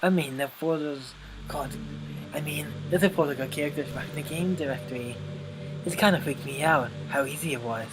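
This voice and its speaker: A man voicing an obsessive, lovestruck young woman from a video game in a soft, slightly menacing tone, with game music behind. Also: a little high, a little fast, natural voice, poor audio. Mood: wistful. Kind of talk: reading game dialogue aloud.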